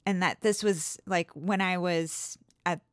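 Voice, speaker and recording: A woman's voice: lowish voice, fairly even intonation, a little slow, a bit bright, smooth, dry recording, clean studio sound. A woman co-hosting a podcast in casual chat. She giggles often and sounds unsure about how to pronounce place names. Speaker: podcast co-host.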